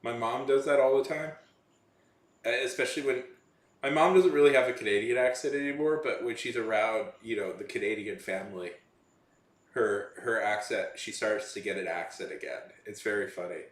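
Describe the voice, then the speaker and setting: A man's voice: on the low side, moderate pace. A man chatting casually to his viewers, rambling and often restarting his sentences. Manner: meandering, many false starts and self-corrections. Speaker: vlogger. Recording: echoey room.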